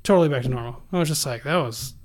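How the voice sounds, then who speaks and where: A man who works as an emergency nurse, telling stories from the hospital in a casual, animated podcast conversation. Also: mid-range voice, very fast. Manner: animated storyteller, acts out quoted voices. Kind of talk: casual storytelling in a podcast interview.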